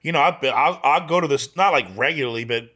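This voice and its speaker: A man's voice: a little high, fast talker, bright, forceful tone. A man from Melbourne with an Australian accent, chatting casually as a podcast guest and swearing freely among lots of filler words. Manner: laid-back, swears a lot, heavy on filler words. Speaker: podcast guest, rapper and producer.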